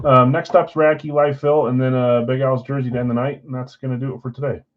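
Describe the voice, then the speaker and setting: A man's voice: medium pitch, flat delivery, fast talker, dull audio. A man hosting a live card break from a card shop, reading out names and teams in a casual, tired way. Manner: casual, reads names off a list, tired and yawning.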